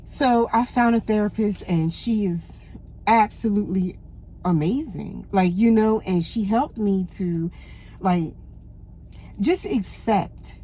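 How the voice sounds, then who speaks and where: Woman vlogger, mellow and rambling, emotional storytime, faint noise behind. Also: mid-range voice, takes it slowly. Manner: rambling, restarts often, emotional. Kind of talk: casual storytime while dressing.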